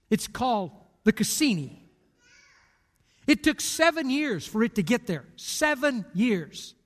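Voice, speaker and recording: Older male pastor, very high voice, emphatic and direct, long hall reverb. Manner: emphatic, direct storytelling preacher. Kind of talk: sermon.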